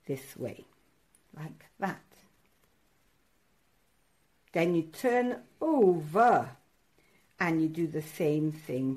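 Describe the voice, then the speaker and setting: Woman, art teacher, low voice, unhurried, encouraging, halting with fillers. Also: husky. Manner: encouraging, hesitant with many fillers; addresses children directly, excitable. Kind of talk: step-by-step craft lesson.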